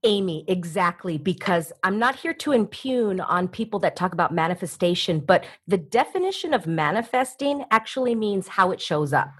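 A husky-voiced woman speaks with energy as a coaching guest in an interview. She explains her ideas eagerly and keeps the talk moving. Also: mid-range voice, moderate pace, few pauses. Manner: energetic, acts out voices in quotes.

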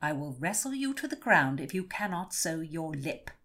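A woman's voice: low-pitched, big pitch swings, normal speed, a bit bright, exaggerated voice. A woman playing a stern, prim married lady. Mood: scolding. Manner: scolding, curt.

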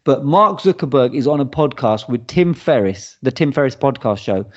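A man co-hosting a podcast, telling stories in an animated way and laughing often. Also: medium pitch, moderate pace, lo-fi sound. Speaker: podcast co-host. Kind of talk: casual chat.

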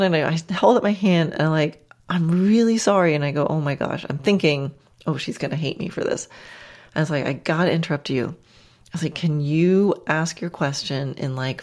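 Low-voiced woman telling a story. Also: darkish tone. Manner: chatty, self-deprecating, laughs often, many restarts. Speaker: podcast host and riding instructor. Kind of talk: casual storytelling.

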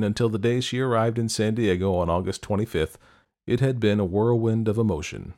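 A man hosting a podcast, reading stories aloud in calm, measured scripted narration. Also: on the low side. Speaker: podcast host and story narrator.

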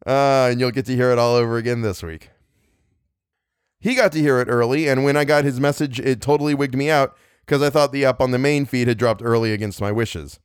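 The same kind of story-podcast outro and outtakes, this time with his voice at medium pitch and a little fast, clean in tone. He stays casual, joking about himself with playful self-mockery and overdone groaning. The studio sound is clean and echo-free.

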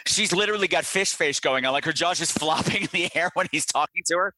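A man's voice: on the high side, fast talker, sharp tone, a little hiss or hum. A man co-hosting a podcast, talking enthusiastically about a movie and laughing often. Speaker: podcast co-host. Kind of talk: casual movie discussion.

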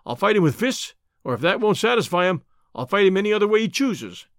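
A man's voice: sits high, very animated, quick pace, dry recording, clean studio sound. A man voicing a hot-tempered young Irish newcomer who speaks boldly, with an Irish accent. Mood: defiant.

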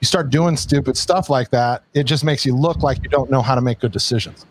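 A man's voice: mid-range voice, fairly quick, slight background noise. A man co-hosting a podcast in casual chat, rambling with many restarts. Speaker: podcast co-host.

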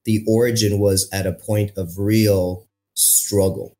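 A man as an interview guest, talking reflectively in measured, repeated phrases. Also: lowish voice, fairly even intonation, warm tone. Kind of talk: reflective conversation.

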